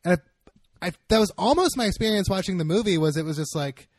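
A man's voice: high voice, animated, quick pace, dry recording. A young man co-hosting a casual film discussion, rambling with many fillers and restarts. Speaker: podcast co-host.

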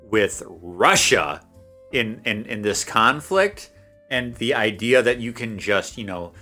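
Bright-voiced, blunt male podcast co-host. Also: lowish voice. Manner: blunt, profane, jokey. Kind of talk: casual podcast chat.

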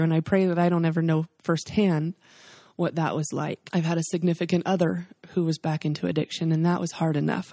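A woman in her forties speaking earnestly and with feeling about her life and faith, as a guest on a talk show. Her voice sits low and sounds mellow and warm. The recording is close and dry. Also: no room sound. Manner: earnest, emotional, faith-filled storytelling. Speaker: guest, charity founder. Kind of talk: heartfelt storytelling interview.

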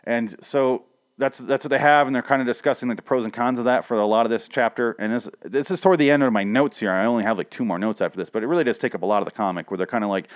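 A young man recaps a comic in loose, casual chat. He swears freely and rambles with lots of fillers. His voice sits in an ordinary middle pitch. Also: quick pace. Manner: profane, rambling, with frequent fillers. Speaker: comic book reviewer.

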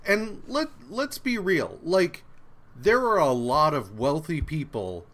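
A man's voice: a little high, sing-song, slow, a bit bright. A man co-hosting a casual podcast, ranting with exasperation and swearing freely. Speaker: podcast co-host. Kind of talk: casual chat.

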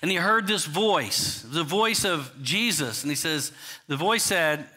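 Chatty preacher, bright voice. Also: male voice, fairly high pitch, animated, measured pace. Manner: conversational, asks the congregation questions; frequent restarts and "you know" asides. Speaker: pastor. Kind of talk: sermon.

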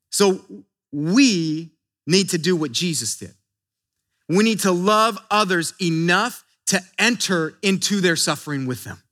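A man's voice: high-pitched, lively intonation, measured pace, a bit bright. A man preaching a sermon in an earnest way, often repeating words as he builds emphasis. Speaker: pastor.

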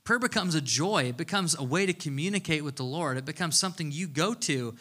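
A man's voice: on the high side, lively intonation, fairly quick, pushed and bright. A man in his thirties, a pastor giving a casual, chatty sermon with playful humor. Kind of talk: conversational sermon.

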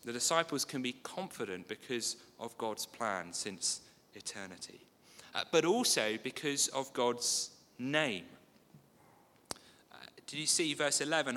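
Preacher with a bright, ringing voice. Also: male voice, mid-range voice, unhurried. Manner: conversational, with asides and gentle humour. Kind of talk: sermon. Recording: long hall reverb.

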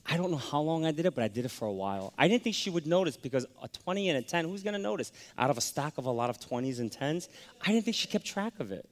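A man preaching a sermon, telling a personal story that swings from hushed to loud. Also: fairly high pitch, very animated, quick pace. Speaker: pastor. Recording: long hall reverb.

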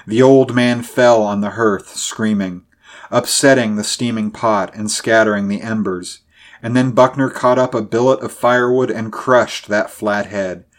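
A man reading a story aloud in a measured, dramatic narration. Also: lowish voice, fairly even intonation. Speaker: audiobook narrator. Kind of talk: scripted narration.

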